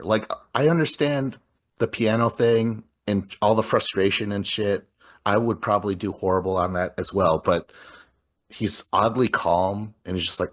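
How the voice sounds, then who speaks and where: A man's voice: fairly low pitch, a little slow. A man casually recapping a horror film, acting out characters' lines, swearing and laughing often. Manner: animated, acts out characters' lines mid-retelling. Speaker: podcast co-host. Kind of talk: casual movie recap chat.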